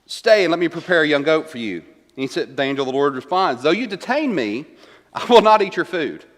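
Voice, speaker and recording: A man's voice: a little high, expressive, brisk, a bit bright. A man teaching a Bible class in a church room. He retells scripture in a conversational way, repeats key lines and keeps asking "right?". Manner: conversational, asks rhetorical questions, tags lines with "right?"; paraphrases verses and repeats key lines for emphasis. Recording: reverberant church room, long echo.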